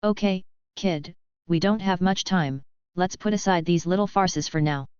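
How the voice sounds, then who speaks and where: A woman voicing a playful, wise old male wizard headmaster, speaking slowly and in a teasing tone. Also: lowish voice, a little mellow, smooth, no room sound, natural voice. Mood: wry, gentle. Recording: dull, lo-fi, dry.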